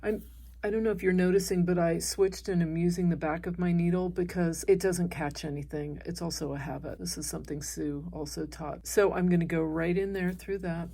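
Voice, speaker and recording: Gravelly-voiced woman teaching embroidery. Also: on the low side, fairly quick. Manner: calm, explains while stitching by hand. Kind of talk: step-by-step craft tutorial.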